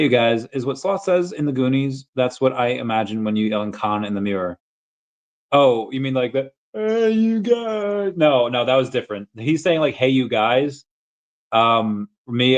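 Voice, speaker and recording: A man hosting a casual crypto livestream, rambling with many fillers and restarts and chatting with viewers. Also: medium pitch. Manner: rambling, many fillers and restarts, bursts into shouted movie-quote impressions. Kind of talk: casual livestream chat, reading chat comments.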